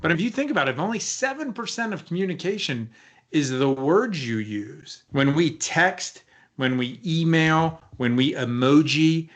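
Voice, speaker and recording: A man with a slightly higher-than-usual voice talks through leadership ideas on a podcast. He is animated and emphatic, often putting rhetorical questions to his co-host. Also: normal speed. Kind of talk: casual podcast conversation.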